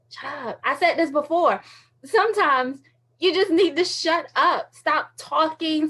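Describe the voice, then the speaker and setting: A woman radio host telling a faith story in a casual, animated way, with lots of fillers and frequent laughter. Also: high-pitched. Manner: uses many fillers like "like" and "you know".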